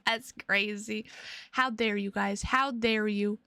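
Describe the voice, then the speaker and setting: A woman's voice: medium pitch, steady tone, slow, creaky, sharp tone, clear, resonant tone, dry recording, clean studio sound. A young adult woman streamer chatting casually with her viewers, rambling and playful, often repeating her words.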